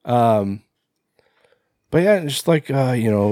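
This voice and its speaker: A man's voice: medium pitch, animated, takes it slowly, pauses often, darkish tone, dry recording, studio quality. A man co-hosting a podcast, recapping a horror film in loose casual chat, rambling with lots of fillers and swearing. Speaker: podcast co-host.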